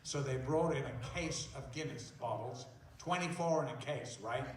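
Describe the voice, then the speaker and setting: Old guy telling funny stories slow, echoey theater, faint room noise. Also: medium pitch. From England. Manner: slow, amused storytelling. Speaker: guest actor. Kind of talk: stage Q&A anecdote. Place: theater auditorium. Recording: distant mic in echoey hall.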